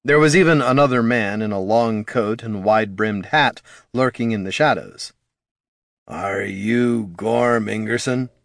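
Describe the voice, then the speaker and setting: A man narrating a fantasy story in a steady, storytelling delivery. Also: mid-range voice, moderate pace, hardly any pauses, no echo, clean studio sound.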